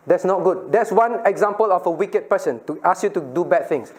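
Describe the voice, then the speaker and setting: Playful high-voiced pastor teaching kids. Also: male voice, animated, brisk. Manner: playful, questioning, laughs often, acts out scenes. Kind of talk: children's Bible lesson Q&A.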